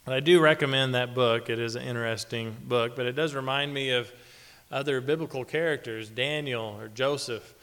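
A man preaches in an easy, conversational way, pausing on fillers and chuckling now and then. His mid-range voice carries a long reverb from a church sanctuary. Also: mid-range voice, fairly even intonation, a bit bright, smooth. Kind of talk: sermon.

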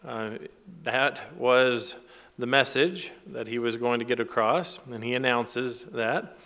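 A man's voice: medium pitch, slow, pushed and bright, long reverb tail. A man teaching a sermon from the Bible, reading scripture aloud with rising emphasis and then explaining it plainly. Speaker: preacher.

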